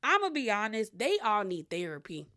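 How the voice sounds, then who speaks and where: A woman's voice: medium pitch, big pitch swings, normal speed, bright, forceful tone. A woman from the Southern US with a Southern accent, recapping a reality TV episode in a chatty way and acting out quotes with voices. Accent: Southern American. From Southern United States.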